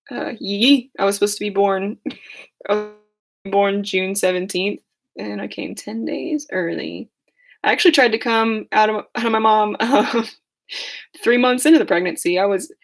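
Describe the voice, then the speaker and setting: A hoarse young woman chatting casually on a livestream, rambling and laughing at herself. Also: mid-range voice. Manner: rambling, giggly, self-deprecating. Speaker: livestream host.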